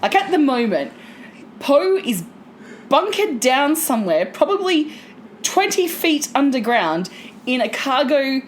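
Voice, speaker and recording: A woman's voice: high voice, big pitch swings, a little slow, slight background noise. Giggly, swearing woman, bouncy voice. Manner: laughing, profane, rambling. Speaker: podcast co-host. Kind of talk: casual chat.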